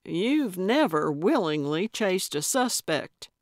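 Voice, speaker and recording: A woman's voice: fairly low pitch, big pitch swings, takes it slowly, no echo, clean studio sound. A woman voicing an eccentric older female sleuth with a wry, cackling edge.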